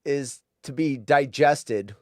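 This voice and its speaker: A man's voice: medium pitch, slow pace, a little mellow, dry recording, studio quality. A man hosting a podcast in casual chat, teasing his co-host with jokey banter.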